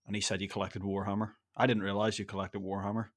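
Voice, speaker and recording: A young man, co-hosting a podcast in giggly, lively banter. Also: on the low side, fast talker. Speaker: podcast co-host. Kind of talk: casual podcast chat.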